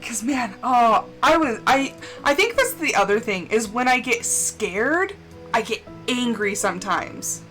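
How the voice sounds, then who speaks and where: Animated high-voiced woman ranting, swearing freely. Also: a little slow, soft background music, rough recording. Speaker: streamer. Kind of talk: casual storytelling while gaming.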